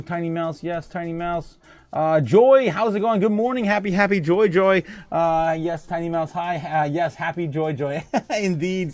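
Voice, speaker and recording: A man's voice: fairly high pitch, darkish tone. A man hosting a casual livestream, chatting loosely, reading viewer comments aloud and laughing often between many filler words. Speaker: host.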